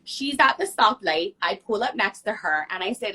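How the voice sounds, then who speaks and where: A woman from Hawaii, a guest telling a personal story in an animated, emphatic conversational way. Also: medium pitch, normal speed, hardly any pauses, husky. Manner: emphatic, acts out others' lines in the story.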